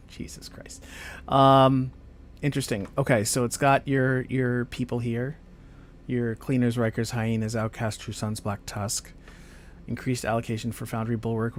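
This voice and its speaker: A man of average pitch talks his way through a video game in loose, casual commentary. He rambles and mutters to himself, full of ums and trailing thoughts, with a faint hiss of noise under the voice. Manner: rambling, self-talk with frequent fillers and trailing off. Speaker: gamer streaming his play. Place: home gaming setup on camera.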